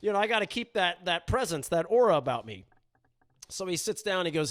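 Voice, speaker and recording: A man's voice: high voice, brisk, no room sound. Conversational male podcast host, dry sound. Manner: relaxed, conversational, frequent restarts and "you know". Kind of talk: storytelling in casual chat.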